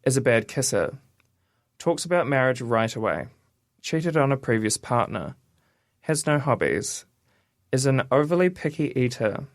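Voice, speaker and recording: A man, co-hosting a casual radio chat and reading quiz items aloud in a steady list. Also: medium pitch, normal speed, pauses often, no echo, clean studio sound. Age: 20s. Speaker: radio co-host. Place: radio studio.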